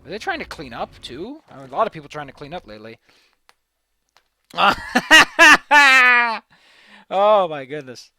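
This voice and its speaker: A man's voice: on the high side, very animated, fast, hardly any pauses, fairly bright tone, no room sound. A young man commentating a game, giggling, rambling and swearing casually. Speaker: let's play host. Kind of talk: gameplay commentary.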